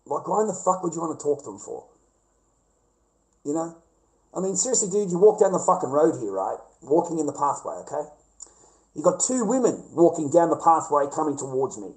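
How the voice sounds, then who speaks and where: A man's voice: a little high, sing-song, a little fast, poor audio. Profane, blunt Australian man ranting. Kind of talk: casual rant to viewers.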